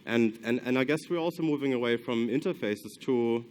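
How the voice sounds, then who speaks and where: Speaking in a conference hall, a German man with a German accent carrying some Australian flavor delivers his talk with a medium-pitched, slightly mellow voice at a fairly quick pace. He frequently hesitates, using ums and starting over.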